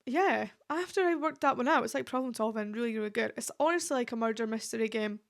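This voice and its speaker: Woman, podcast host, casual rambling chat, slightly high and gravelly, lots of fillers. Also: fast. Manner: chatty, rambling, heavy use of "like" fillers. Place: at home. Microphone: podcast microphone.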